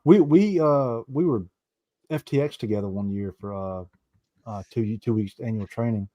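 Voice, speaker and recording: A man's voice: fairly low pitch, moderate pace, dark tone, dull audio. A man in a casual chat, adding short, dry comments and a brief army memory.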